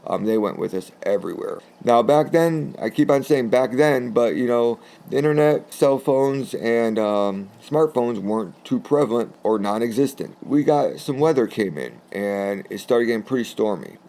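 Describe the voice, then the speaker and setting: Gravelly man from New England, chatty. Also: fairly low pitch, mellow. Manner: chatty, rambling, laughs while telling. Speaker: storyteller. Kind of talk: casual spoken anecdote.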